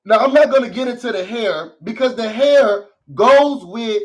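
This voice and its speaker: A man with a notably high voice hosts a casual show recap vlog, full of sassy, theatrical flair as he calls out to viewers. He talks at a moderate pace with few pauses, sitting a little back from the mic so he sounds somewhat distant.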